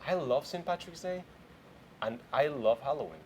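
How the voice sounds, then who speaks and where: A man's voice: medium pitch, expressive, moderate pace, slight background noise. A man hosting a morning show in casual chat, playfully quizzing his co-host.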